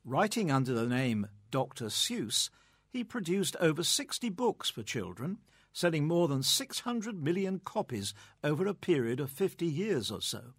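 Husky man presenting, lively delivery. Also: a little high, moderate pace, no echo, studio quality. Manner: informative. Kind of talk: scripted narration. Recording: faint music underneath.

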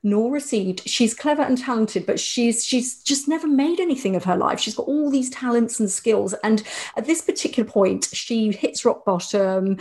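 A woman's voice: on the high side, animated, normal speed, darkish tone. A middle-aged woman presenter recommending books and films in a casual, enthusiastic chat. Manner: chatty and enthusiastic.

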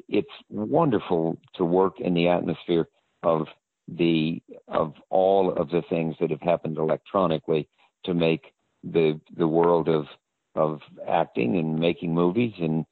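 A man's voice: low voice, creaky, no echo. An older man, an actor guest in an interview, telling rambling anecdotes. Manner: rambling storyteller. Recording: tinny phone-line audio.

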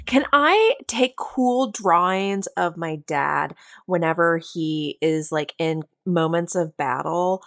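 A woman's voice: lowish voice, slow pace, hardly any pauses, no echo. A woman playing a tabletop game, joking playfully about her character. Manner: playful, animated, jokey. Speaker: player. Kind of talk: casual chat while playing a tabletop game.

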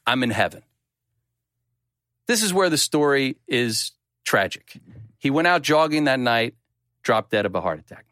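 A middle-pitched man in his fifties chats his way through a long story, circling back on himself and mocking his own mistakes. The sound is dry and close, with no room around it. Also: animated, normal speed, fairly bright tone, no echo. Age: 50s. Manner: rambling, self-deprecating, with frequent restarts. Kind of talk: casual storytelling chat.

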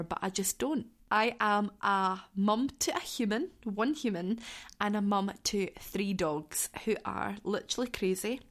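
A woman's voice: mid-range voice, normal speed. Chatty young Scottish woman podcasting. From southwest Scotland. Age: 20s. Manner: chatty and effusive, swears casually. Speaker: podcast host. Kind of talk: casual solo podcast chat.

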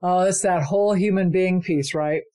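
A woman's voice: fairly low pitch, normal speed, dark tone. A woman hosting an interview, asking questions and affirming her guest's stories. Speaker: interviewer host. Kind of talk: conversational interview.

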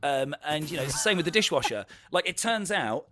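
Animated fast-talking man, dry close sound. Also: on the high side, background noise. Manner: animated, self-mocking, quick asides. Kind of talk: casual chat.

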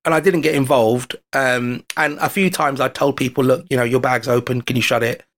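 A man's voice: medium pitch, fairly even intonation, a little fast, a bit bright. A man with an English accent, from London, telling an anecdote in casual podcast chat and acting out his own quoted lines. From London, England. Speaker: podcast guest.

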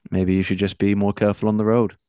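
A man's voice: fairly low pitch, flat delivery, fast, mellow, clean tone, no room sound, studio quality, close to an everyday voice. A man putting on a cocky young male local who needles strangers. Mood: needling. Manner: smug, needling.

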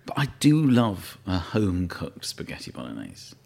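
A man's voice: low voice, normal speed, creaky. A man, a guest telling funny stories in casual chat over a meal and laughing as he talks. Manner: lively storyteller, laughs through his stories.

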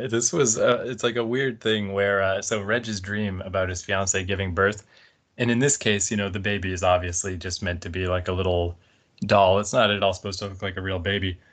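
A man's voice: on the low side, a bit bright. A man talking casually about a film on a podcast, rambling and laughing often. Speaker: podcast guest.

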